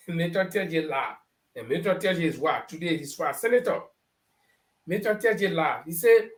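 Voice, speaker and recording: Middle-aged Liberian male panelist, lively storyteller, echoey room. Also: fairly high pitch, unhurried. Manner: animated anecdotes, acting out quoted people. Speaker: panelist on a talk show. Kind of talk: storytelling political commentary.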